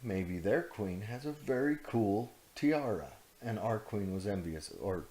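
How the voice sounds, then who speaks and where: A man's voice: fairly low pitch, lively intonation, unhurried, warm tone. A man co-hosting a podcast, telling a story in a rambling, jokey way, often breaking into laughter. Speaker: podcast co-host. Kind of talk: casual chat.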